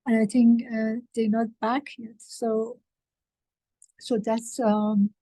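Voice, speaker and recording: Halting woman with a mellow voice. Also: on the high side, level tone, dry recording, poor audio. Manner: halting, emotional, many fillers and restarts. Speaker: meeting participant. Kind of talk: casual group-meeting talk.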